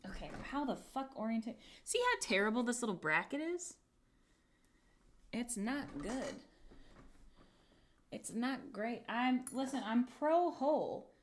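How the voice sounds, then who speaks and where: A young adult woman livestreams a craft project, muttering and swearing with self-deprecating humor while she talks to viewers. She speaks at a fairly high pitch with a fairly bright tone, very animated yet a little slow, leaving long pauses. Slight background noise is present.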